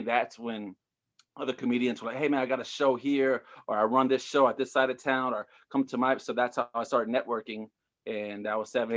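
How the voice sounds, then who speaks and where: This Houston-area stand-up comedian has a medium-pitched, fairly bright voice, captured on a lo-fi recording. He rambles through his story in a casual interview full of fillers.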